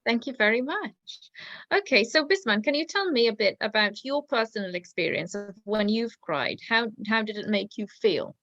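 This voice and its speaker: A woman's voice: fairly high pitch, animated, normal speed, a bit bright, muffled recording. A woman teacher leading an online speaking class, giving brief encouraging prompts.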